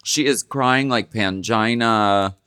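A man's voice: on the low side, slow, fairly bright tone, clean tone, dry recording, studio quality. A man co-hosting a podcast in casual chat, playful and campy, laughing often. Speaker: podcast co-host.

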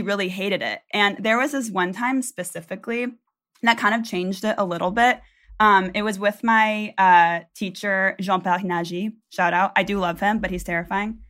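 Give me a woman producer chatting on a podcast, bright and rambling with plenty of fillers. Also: medium pitch. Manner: chatty and rambling, many likes and ums. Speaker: senior producer, guest. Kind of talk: casual podcast chat.

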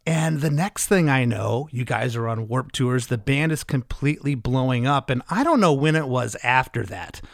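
A man's voice: medium pitch, animated, moderate pace, gravelly, few pauses, no echo. Eager male podcast host, dry sound. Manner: eager, enthusiastic fan. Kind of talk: podcast interview.

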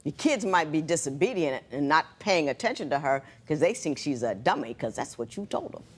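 A woman's voice: low-pitched, big pitch swings, fairly quick, breathy edge. A woman presiding as a TV court judge, lecturing in a stern, emphatic manner. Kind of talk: courtroom TV show judging.

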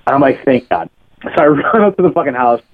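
A man's voice: a little high, expressive, racing. A man, a podcast guest, telling a rambling, profane anecdote in casual chat and laughing as he goes. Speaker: podcast guest, bass player. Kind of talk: casual storytelling. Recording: phone-like lo-fi sound.

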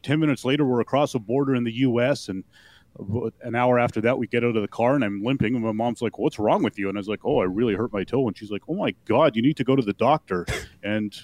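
A man's voice: mid-range voice, fast talker, darkish tone. A male radio co-host telling a rambling personal anecdote in a casual, chatty way. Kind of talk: casual storytelling on talk radio.

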